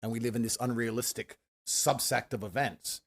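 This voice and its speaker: A man ranting forcefully and profanely in a heated podcast debate. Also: mid-range voice, fairly even intonation, normal speed. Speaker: podcast guest.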